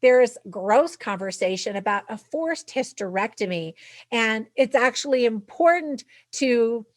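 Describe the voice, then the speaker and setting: A woman's voice: fairly high pitch, animated, measured pace, no room sound. A woman hosting her own channel, giving a chatty, upbeat movie review with tips for parents. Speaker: film reviewer and channel host. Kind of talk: casual movie review to camera.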